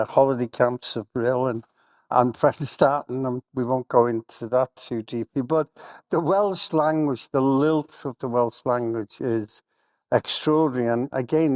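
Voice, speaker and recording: A man's voice: darkish tone, no room sound. An older man with a Liverpool accent, speaking with rising passion and then reading a poem aloud at a festival event. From England. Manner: impassioned, building to a rousing pitch. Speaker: guest speaker reading poetry.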